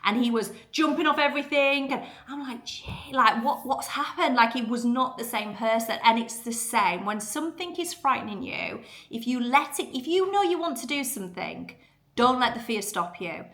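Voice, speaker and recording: Bright-voiced chatty woman. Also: on the high side, lively intonation, normal speed. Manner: chatty, earnest, lots of fillers. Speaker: podcast host. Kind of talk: casual motivational talk.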